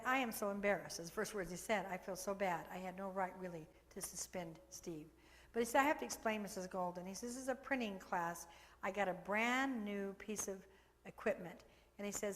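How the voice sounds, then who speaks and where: An older woman speaks as a foster care trainer, earnest and warm in her counsel. She acts out conversations as she tells her stories. Her voice carries a long reverb, as if in a large room. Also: mid-range voice. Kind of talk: training video talk with stories.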